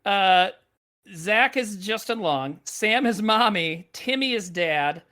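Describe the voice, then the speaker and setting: A man's voice: sits high, lively intonation, takes it slowly, bright, forceful tone. A man hosting a podcast, talking casually about movies in a rambling way, with lots of fillers and restarts. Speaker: podcast host.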